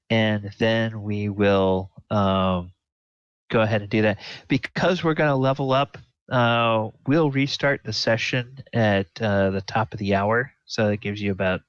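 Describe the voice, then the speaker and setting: A man running a tabletop game, talking slowly and haltingly with lots of ums and uhs. His voice sits fairly low. The audio is dull and lo-fi in a dry room. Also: clean tone, no room sound. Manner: slow, halting, many fillers. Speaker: game master.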